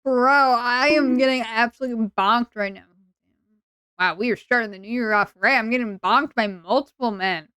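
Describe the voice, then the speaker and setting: Woman streamer, casual live chat, rambling, self-mocking, smooth voice, dry close mic. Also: a little high, normal speed, dry recording. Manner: playful, rambling and self-mocking, with sudden loud whiny bursts.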